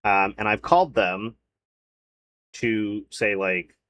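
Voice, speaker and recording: A man's voice: fairly low pitch, takes it slowly, fairly bright tone, no room sound, lo-fi sound. A man streaming, chatting casually and rambling about his day, swearing freely. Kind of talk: casual chat to a live stream chat.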